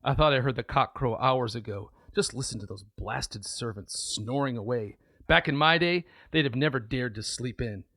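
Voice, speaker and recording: A man's voice: medium pitch, moderate pace, few pauses, fairly bright tone, no room sound, studio quality. A man voicing a crotchety old man who complains about his servants, read aloud as a translation on a podcast. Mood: exasperated.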